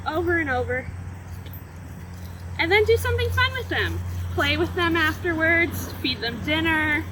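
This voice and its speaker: A high-pitched woman explains clicker training outdoors, talking casually while she works with a dog on the grass. The recording is noisy, with plenty of outdoor sound behind her voice. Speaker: library program host. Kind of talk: casual instructional demo.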